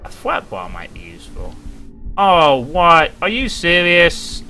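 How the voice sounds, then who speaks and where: A man's voice: fairly high pitch, huge pitch swings, a little slow, sharp tone, faint music behind. A young man commentating a horror game, wry and jokey, breaking into yelps and laughter. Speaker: gaming streamer.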